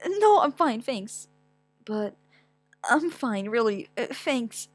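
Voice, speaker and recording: A young woman reading a manga aloud with dramatic, stammering delivery and wailing outbursts. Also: dry recording. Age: young adult. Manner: animated, quick pitch swings, stammers, whiny wails. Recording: dry close mic with faint music.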